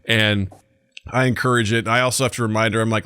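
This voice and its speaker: A man co-hosting a casual podcast chat, an animated storyteller who acts out family dialogue. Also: lowish voice, quick pace, clean tone, no echo, studio quality. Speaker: podcast co-host.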